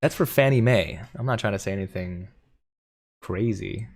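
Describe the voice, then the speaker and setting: Guy with a lowish voice doing a jokey livestream, reading chat and answering questions. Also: normal speed, vocal fry, a little mellow. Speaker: stock market livestream host.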